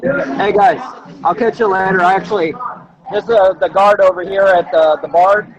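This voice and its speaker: Brief: high-pitched man, friendly and upbeat, muffled lo-fi sound. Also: fairly even intonation, normal speed. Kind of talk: casual voice chat. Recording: dull lo-fi mic.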